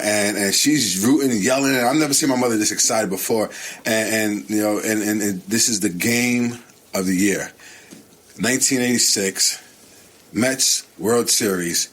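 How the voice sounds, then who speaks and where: A man's voice: on the low side, fairly bright tone. A man, a pastor hosting a radio interview show, talking with enthusiasm and often restarting his sentences. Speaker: host and senior pastor.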